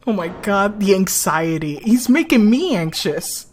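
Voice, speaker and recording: A woman streamer giving casual commentary on a game, swearing often, laughing a lot and reacting loudly to what happens on screen. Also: medium pitch, sing-song, a little slow, few pauses, slight background noise.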